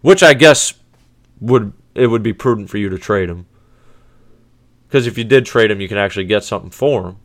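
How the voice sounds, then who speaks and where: A man's voice: lowish voice, fairly quick, long pauses. A man hosting a sports podcast, ranting in a heated, profane, exasperated way, with many restarts. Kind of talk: casual sports rant.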